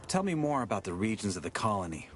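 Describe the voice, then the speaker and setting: A man's voice: on the low side, very animated, fast talker. An actor playing a curious male newcomer in a video game who asks plain questions. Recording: faint game music behind.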